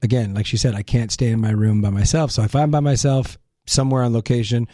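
A man's voice: mid-range voice, quick pace, dry recording, clean studio sound. Teasing man chatting with his partner. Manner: animated, teasing, mimics his partner in quotes. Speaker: podcast co-host. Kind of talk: casual couple chat.

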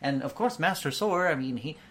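A woman voicing a frantic, wizened old half-elf man who tends a machine, talking in a high, excitable, manic way. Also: fairly quick. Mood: eager.

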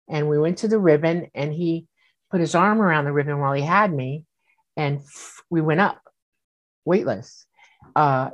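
Woman guest, lowish voice, animated storyteller, acts out the voices she quotes. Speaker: guest recounting an experience. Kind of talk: casual storytelling.

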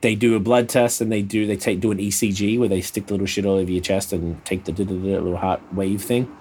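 A man in pain telling a rambling, sweary story in casual chat over a call, sounding a little flat. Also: low voice, fast, slightly rough. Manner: laid-back, swears often, rambling. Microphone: video call.

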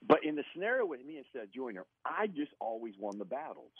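A man, a former football player, telling an animated story as a guest, often laughing as he talks. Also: mid-range voice, fast talker, husky, phone-quality sound. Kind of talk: casual storytelling.

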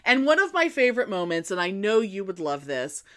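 A woman retelling a film in casual chat, animated and rambling, often restarting her sentences. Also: mid-range voice, fairly quick.

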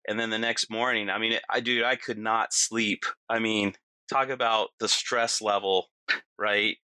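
Guy telling a wild story casually, acts out the quotes, bright voice, keeps saying you know. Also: fairly low pitch, flat delivery, a little slow, smooth, no room sound.

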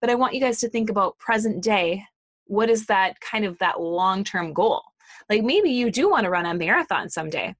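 A woman's voice: medium pitch, lively intonation, normal speed, dry recording. Woman, 30s, fitness trainer, casual motivational chat, rambling and friendly-paced, dry close mic. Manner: chatty, lots of fillers and asides.

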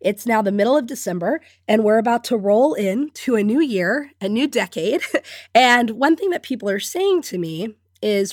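A woman's voice: fairly high pitch, expressive, normal speed, darkish tone, no echo, studio quality. Congested woman podcast host, upbeat and laughing. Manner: upbeat, laughs often between phrases. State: sick, congested, scratchy voice. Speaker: podcast host and business coach. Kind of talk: solo podcast talk.

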